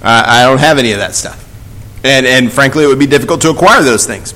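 A man's voice: medium pitch, animated, fairly quick, bright, forceful tone, rough recording. A man preaching a sermon in a conversational, emphatic way, often restarting his words.

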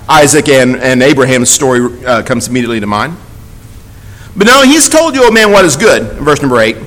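A man's voice: fairly high pitch, fairly bright tone, rough recording. A man preaching a sermon in a conversational, emphatic way, often restarting his words.

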